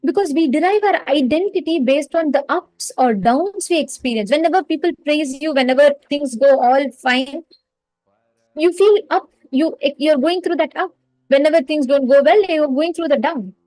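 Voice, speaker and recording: A high-pitched woman delivers a live online spiritual lecture as an earnest storyteller. She repeats her key phrases and talks directly to the viewers in the chat. The sound is dry and close, with no room around it. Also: moderate pace, a little mellow, dry recording, poor audio. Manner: addresses viewers directly and reads their names from the chat. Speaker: spiritual course instructor.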